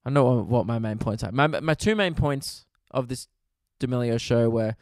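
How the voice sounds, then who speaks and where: A man's voice: mid-range voice, animated, normal speed, a little mellow, dry recording, clean studio sound. Young man, podcast host, casual solo chat, sarcastic, swears a lot, resonant voice. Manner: rambling, sarcastic, swears freely.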